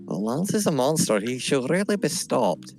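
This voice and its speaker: A man at a mid pitch, playing his character in a tabletop game. He talks in calm, easy banter, with faint music somewhere behind. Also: normal speed. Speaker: player. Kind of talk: tabletop role-play.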